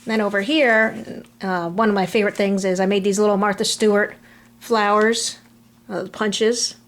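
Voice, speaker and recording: A middle-aged woman chatting casually through a scrapbook album, relaxed, trailing off between items, recorded on a camera mic at home. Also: mid-range voice, normal speed. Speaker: crafter showing a scrapbook album. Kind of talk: casual show-and-tell narration.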